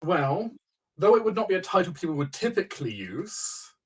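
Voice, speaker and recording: A young man as dungeon master, narrating a tabletop game in a measured way with small restarts. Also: sits high, sing-song, slightly rough, poor audio.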